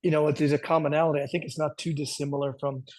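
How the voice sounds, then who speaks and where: A man speaking as an interview guest, measured and reflective, thinking aloud as he talks. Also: on the high side, level tone, darkish tone, low-quality recording. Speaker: karate instructor guest. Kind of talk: conversational interview.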